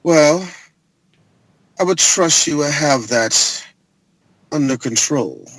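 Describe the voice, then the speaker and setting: A man doing a smug, low-voiced corporate villain. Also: expressive, slow pace, a bit bright, no room sound, heavily acted, poor audio. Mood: condescending. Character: smug menacing male corporate director. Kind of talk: movie character impression.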